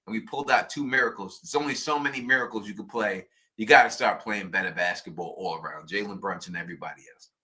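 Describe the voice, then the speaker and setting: Bright-voiced Queens New York man. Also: lowish voice. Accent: New York City, Queens. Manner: emphatic, stumbling restarts. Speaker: live stream co-host. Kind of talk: casual chat.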